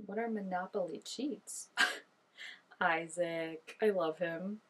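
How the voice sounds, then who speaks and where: A young woman hosts a reaction video, giving casual, gushing commentary packed with "like" fillers and frequent laughter. Her voice is fairly low and she takes her time.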